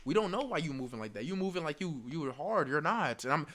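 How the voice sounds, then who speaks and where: Animated young man telling a story, slightly high voice. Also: fast. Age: young adult. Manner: animated, slangy, laughs often and acts out the dialogue. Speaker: storyteller vlogger. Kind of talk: casual storytime.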